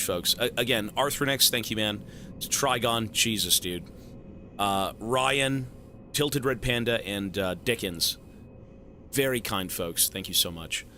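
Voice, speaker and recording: A man live-streaming a game who thanks his viewers with loud, swearing, joking banter. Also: lowish voice, a little hiss or hum. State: has a headache.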